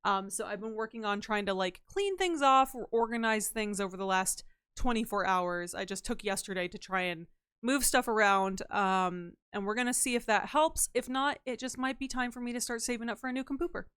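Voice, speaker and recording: A woman's voice: on the high side, a little fast, a bit bright, smooth, dry recording, clean studio sound. A woman streamer chatting casually and playfully with her live chat, teasing and slipping into silly voices.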